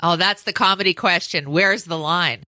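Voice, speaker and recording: A woman's voice: lowish voice, moderate pace, sharp tone, dry recording. A woman in her fifties co-hosting a talk show, joking and telling family stories. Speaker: co-host. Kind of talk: casual interview chat.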